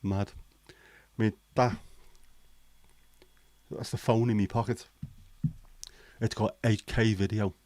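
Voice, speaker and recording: Male host, very low voice, dry close sound, sweary cynical banter. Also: little pitch movement, slow, pauses often, darkish tone, no room sound. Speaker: livestream host. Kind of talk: casual chat.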